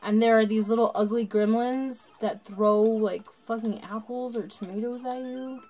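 A drunk woman commentating her gameplay casually, swearing and breaking into excitable outbursts while talking to her viewers. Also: fairly high pitch, moderate pace. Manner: talks to the viewers. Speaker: gaming channel host.

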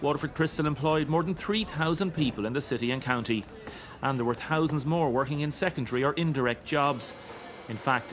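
A man narrating a news report in a measured, steady way. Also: a little high, slight background noise.

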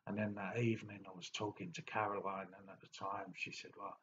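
A man telling his own story in a blunt, plain-spoken diary monologue, halting with many fillers. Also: low-pitched, level tone, fairly bright tone, lo-fi sound, a little hiss or hum. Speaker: diary vlogger.

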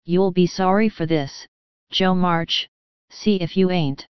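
A coaxing, spoiled little sister who pleads and whines to get her way, read by a woman. The voice sits low, very smooth and clear, dry and close, on slightly dull audio. The reading keeps a storybook feel. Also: fairly even intonation, takes it slowly, no room sound. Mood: defiant. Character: whiny spoiled youngest sister, a young girl.

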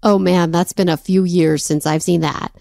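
A woman co-hosting a podcast in a casual chat, playful and teasing and quick to laugh. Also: fairly low pitch, fairly even intonation, creaky, warm tone, no echo, studio quality. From United States. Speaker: podcast co-host.

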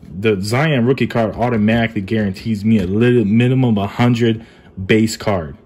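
A young man talking casually while unboxing trading cards at home, keeping his voice low and calling himself monotone. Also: normal speed, breathy edge. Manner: kept low and subdued, calls himself monotone. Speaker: card collecting YouTuber. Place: apartment at home.

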